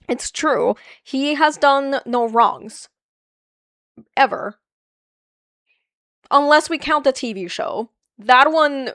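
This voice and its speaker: High-voiced, animated woman streamer. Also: no room sound, studio quality. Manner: animated, swearing, quick laughs, playful banter. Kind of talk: casual live-stream chat reading viewer comments.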